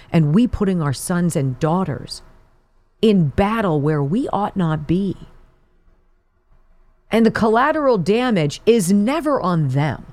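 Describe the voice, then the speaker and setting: A woman's voice: mid-range voice, darkish tone. A woman in her forties hosting a political talk radio show, delivering a combative, sarcastic monologue.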